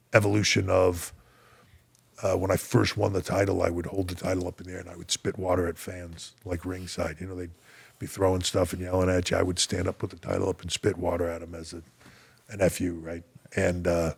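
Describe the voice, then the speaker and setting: Gravelly low-voiced man telling stories. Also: a little fast. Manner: relaxed anecdotal storytelling with chuckles. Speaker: guest, former wrestler. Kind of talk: casual storytelling.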